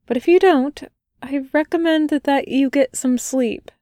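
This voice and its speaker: A woman voicing a calm woman therapist on a late-night call, soft and soothing in a raised, gentle voice. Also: high-pitched, measured pace, no echo, clean studio sound, pitched above the performer's own voice.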